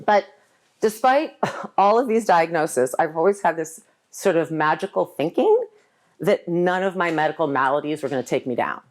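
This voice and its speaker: Low-voiced woman telling her own story. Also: lively intonation, moderate pace. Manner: candid, humorous, acts out quoted voices. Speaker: guest speaker. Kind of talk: personal storytelling talk. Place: live event talk.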